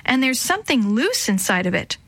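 A woman's voice: fairly high pitch, very animated, brisk, a bit bright, no room sound, full character voice. Woman doing a brave little girl. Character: brave, curious young girl.

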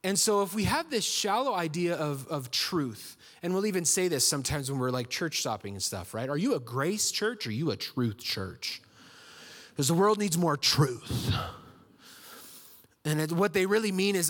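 A man's voice: a little high, sing-song, normal speed, fairly bright tone. A man preaching a sermon in a conversational, storytelling way, acting out quotes in his stories. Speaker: pastor.

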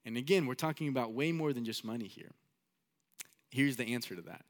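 Conversational male preacher, mid-pitched. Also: normal speed, long pauses. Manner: conversational, storytelling, with repeated phrases. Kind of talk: sermon.

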